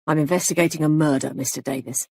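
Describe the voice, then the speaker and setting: A woman's voice: low voice, steady tone, fast, gravelly, a little mellow, husky, heavily acted. A woman voicing a grave male police sergeant who questions people in a clipped, insistent way. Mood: stern.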